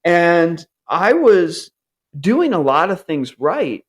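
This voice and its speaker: A man's voice: slow, slightly rough. Guy in his 40s telling a personal story, really open and earnest, voice jumps all over the place. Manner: earnest, animated, acts out upbeat self-talk in a higher voice.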